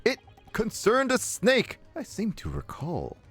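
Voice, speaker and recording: A man's voice: sits high, huge pitch swings, fairly bright tone, soft background music, voice pushed up, exaggerated voice. A man voicing a theatrical, grandiose male detective in a video game read-through. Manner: grandiose, drawn-out declarations.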